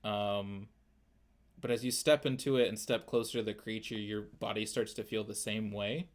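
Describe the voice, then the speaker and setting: A man's voice: on the low side, fairly even intonation, moderate pace. A man narrating as game master, loose and full of fillers. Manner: loose, filler-heavy descriptions.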